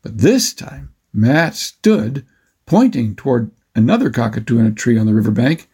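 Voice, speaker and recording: A man narrating a children's adventure story with a steady, expressive reading. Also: medium pitch, moderate pace, husky.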